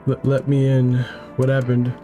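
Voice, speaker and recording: A frightened little girl in a horror game, read by a man in nearly his own voice. She stammers and pleads, in a mellow tone with faint music behind. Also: medium pitch, monotone, measured pace, close to an everyday voice. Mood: scared. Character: scared young girl.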